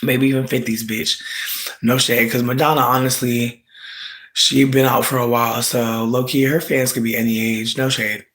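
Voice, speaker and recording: A man's voice: medium pitch, flat delivery, moderate pace, a bit bright. A young man hosting a casual livestream while he is sick. He talks in a sassy, slangy, joking way, teasing his viewers. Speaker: livestream host.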